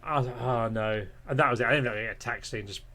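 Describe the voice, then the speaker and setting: A man's voice: mid-range voice, racing, a crowd in the background. A man, a podcast guest, telling a long casual anecdote, rambling with restarts and breaking into laughter.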